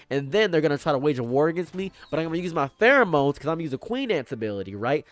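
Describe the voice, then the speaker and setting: A man's voice: on the high side, dry recording. A man talking casually as a vlogger, rambling playfully and repeating his jokes with mock villainy. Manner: playful, repetitive, jokingly villainous.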